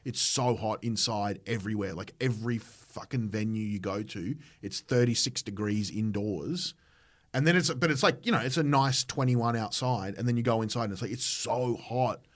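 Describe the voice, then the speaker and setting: A man's voice: on the low side, moderate pace. An Australian man, a comedian hosting a podcast, telling a rambling story in casual chat with lots of restarts. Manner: rambling anecdotes with restarts and mimicked voices.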